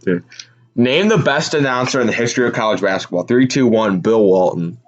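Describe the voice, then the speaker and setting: A man hosting a casual live reaction stream, telling rambling, animated stories. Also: medium pitch, fairly quick, dull audio. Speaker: sports live-stream host.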